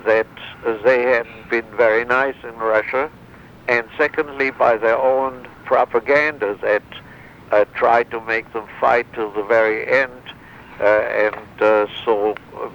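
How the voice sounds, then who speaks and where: An older man, a former wartime interrogator, recounting memories in an interview, halting with many fillers and restarts. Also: fairly low pitch. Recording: dull lo-fi sound with faint noise.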